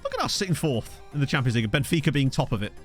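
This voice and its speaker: A man streaming a football management game, chatting fast with his viewers, laughing often and getting excited at the action. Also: mid-range voice, soft background music. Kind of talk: casual live-stream commentary with chat. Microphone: desk microphone.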